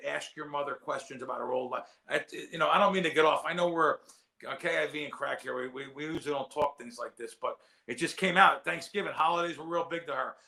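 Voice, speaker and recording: Gravelly, bright-voiced man rambling on a show. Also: a little high. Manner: rambling, heartfelt, repeats words. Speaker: sports betting analyst. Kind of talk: casual chat.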